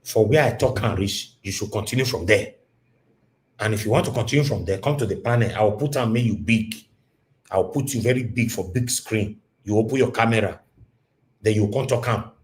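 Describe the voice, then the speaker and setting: A Nigerian man hosting a livestream, talking in a rambling, emphatic way and mixing Pidgin into his English. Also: lowish voice. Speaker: livestream host. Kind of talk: casual livestream commentary.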